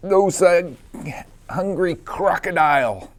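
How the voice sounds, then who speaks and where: Slow, sing-song man reading a storybook. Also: medium pitch, expressive. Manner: gentle, asks the listener questions about the pictures. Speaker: storybook reader. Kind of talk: reading a picture book aloud to a child.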